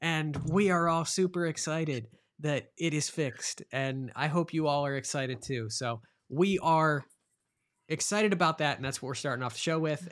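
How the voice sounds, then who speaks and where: Male podcast host, middle-aged, a touch high in pitch; upbeat, chatty, teasing live-stream banter. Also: a bit bright.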